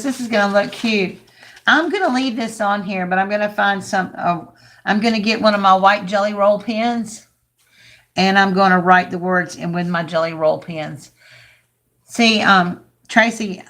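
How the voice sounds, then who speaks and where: Hoarse, raspy older woman with a lilt. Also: medium pitch, fairly bright tone. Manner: chatty, rambling, talks to viewers by name. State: hoarse, losing her voice. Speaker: craft livestream host. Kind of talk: casual craft livestream chat.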